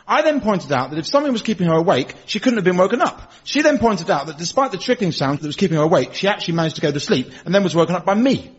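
An English man performing a scripted stand-up monologue with dry, deadpan storytelling on a radio comedy show. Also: high-pitched, rapid-fire, few pauses, breathy edge. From England. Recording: dull lo-fi radio recording.

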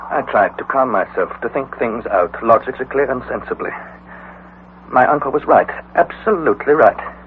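An actor playing an excitable young male explorer who also narrates the story, measured in narration and alarmed in the scenes. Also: medium pitch, lightly acted. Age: young adult. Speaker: narrator and nephew. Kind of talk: 1940s radio acting. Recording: tinny old radio broadcast, faint hiss.

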